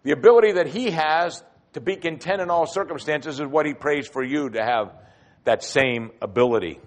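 A man preaching a sermon with expressive delivery, swinging between loud emphatic phrases and quiet asides. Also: fairly high pitch, moderate pace. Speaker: pastor.

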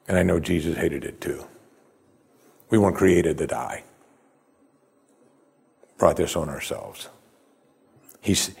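A man's voice: sits low, gravelly, darkish tone, husky. A male pastor preaching a sermon in a conversational, expository way, with emphatic rises.

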